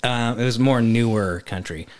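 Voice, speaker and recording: A man's voice: medium pitch, moderate pace, a loud crowd. A man in casual podcast chat, telling a rambling story and swearing freely. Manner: animated storyteller, swears often, acts out voices.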